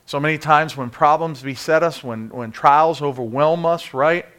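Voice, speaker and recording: A man preaching a sermon in church, talking to the congregation with rhetorical questions, singing bits of a hymn and moving from quiet to loud. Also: a little high, moderate pace, clear, resonant tone. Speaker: pastor.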